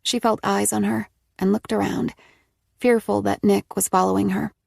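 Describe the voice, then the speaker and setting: Audiobook narrator, woman: gravelly, steady, dry close sound. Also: medium pitch, normal speed, no echo.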